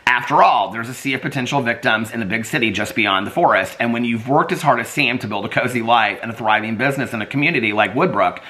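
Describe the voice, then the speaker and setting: Chatty excitable guy vlogging, bright voice, lots of laughs and likes. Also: mid-range voice. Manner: excitable, laughs often, chatty with many fillers. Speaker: vlogger reviewing a graphic novel. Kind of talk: casual chat.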